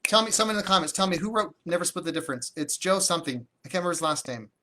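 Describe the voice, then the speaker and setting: A man's voice: high voice, expressive, racing, bright, forceful tone, a little hiss or hum. A man coaching on real estate deals during a livestream, talking energetically and conversationally, often restarting his sentences. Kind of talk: live-streamed teaching with viewer comments.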